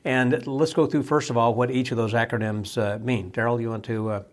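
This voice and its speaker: A man's voice: medium pitch, fairly even intonation. A man hosting a casual podcast, steering the talk and asking his co-hosts questions. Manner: moderating, asks questions, quick laughs. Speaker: podcast host. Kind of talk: casual chat.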